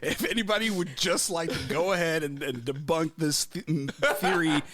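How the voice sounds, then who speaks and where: A man's voice: fairly high pitch, normal speed, background noise. A man co-hosting a podcast, casual and a bit hesitant, reading a forum post aloud. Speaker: podcast co-host.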